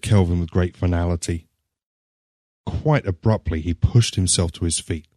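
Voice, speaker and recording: A man narrating a short story in a measured, scripted reading. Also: sits low, warm tone, no room sound, clean studio sound.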